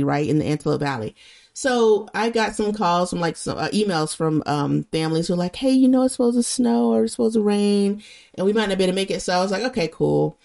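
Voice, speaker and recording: A woman's voice: fairly low pitch, a little mellow. A middle-aged woman hosting her own podcast, chatting casually and rambling as she hunts for the right word. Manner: chatty, rambling, searches for words. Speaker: podcast host. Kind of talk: casual solo podcast talk.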